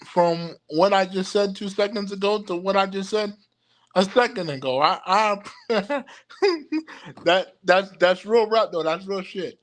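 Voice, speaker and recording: A young man with a notably high voice drifts slowly through a casual livestream chat. He stumbles and restarts his words constantly, and keeps calling out to his viewers. His pace is unhurried and loose. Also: a bit bright. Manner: halting, many restarts and stammered repeats, laughs often; addresses viewers directly as "y'all". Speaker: occult livestream host. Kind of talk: rambling casual livestream talk.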